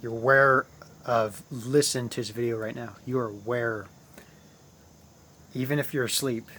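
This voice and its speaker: Here a channel host's mid-range voice stays steady at a moderate pace, sounding pushed and bright with some hiss or hum. He talks casually and at length about spiritual ideas, looping back on phrases and calling everyone guys.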